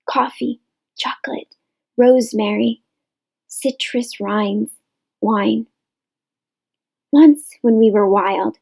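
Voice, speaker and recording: A woman reading a novel aloud in measured literary narration, in a rough home recording. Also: on the high side, warm tone, rough recording. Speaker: audiobook reader.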